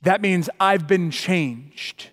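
A man preaching a sermon as pastor, emphatic and building to loud, passionate peaks. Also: high-pitched, extremely slow, in a large hall.

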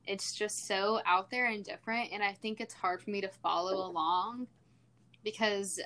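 An excitable young woman in her twenties co-hosting a podcast. She chats casually and keeps breaking in with exclamations. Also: mid-range voice, normal speed, a little hiss or hum. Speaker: podcast co-host. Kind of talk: casual chat.

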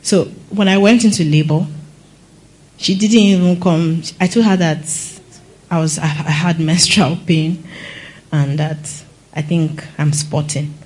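A woman's voice: deep voice, fairly even intonation, a little slow, darkish tone, slightly rough, low-quality recording. A young woman giving a personal testimony, telling her story earnestly and acting out what others said. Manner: earnest storytelling with acted quotes. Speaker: testimony speaker.

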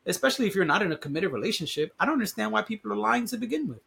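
Male podcast host, husky and congested from allergies, casual and emphatic, reads articles aloud with commentary. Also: high voice, lively intonation, very fast, fairly bright tone. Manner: conversational and emphatic, reads news aloud with asides.

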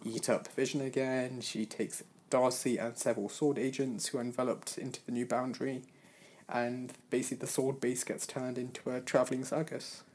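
A man casually recapping a TV episode, measured and hedging with lots of "kind of" and "basically". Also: medium pitch, flat delivery, darkish tone, a little hiss or hum.

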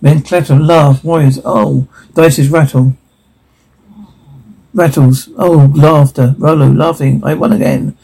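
A man reading audio description, voicing sound cues and dialogue in a flat, even way. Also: a little high, measured pace, gravelly, slightly rough, rough recording.

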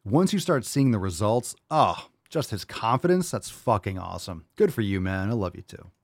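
A man's voice: on the low side, sing-song, normal speed, dry recording, studio quality. A man hosting a live question-and-answer show, reading viewer questions and answering in a hyped, jokey, profane way. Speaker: host.

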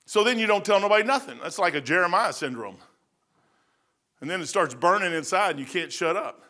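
A man's voice: high-pitched, lively intonation, brisk, bright, forceful tone. A middle-aged man from Kentucky giving a folksy, conversational sermon, often saying "man". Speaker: preacher. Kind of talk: informal sermon.

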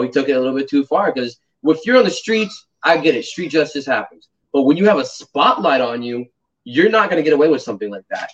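A man in casual chat, rambling, telling stories and leaning on fillers. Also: medium pitch. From United States. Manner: rambling, storytelling, filler-heavy. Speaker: podcast co-host. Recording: distant, dull mic.

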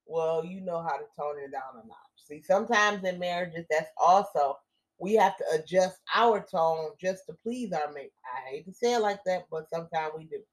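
A woman's voice: lowish voice, normal speed. A woman co-hosting a casual podcast with her husband, teasing him and giving relationship advice. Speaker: co-host. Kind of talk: casual couple's podcast chat.

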